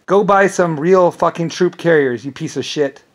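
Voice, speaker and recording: This vlogger, a man whose voice is on the high side, rants at normal speed. He sounds indignant, curses freely, and wanders through his monologue, doubling up words as he trips over them.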